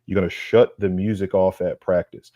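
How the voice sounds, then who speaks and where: Speaking at a normal speed in a warm, low voice with fairly even intonation, a man co-hosts a sports podcast in clean studio sound without room noise. He rants hard, swearing and dropping streetwise slang while repeating lines to drive his roast home.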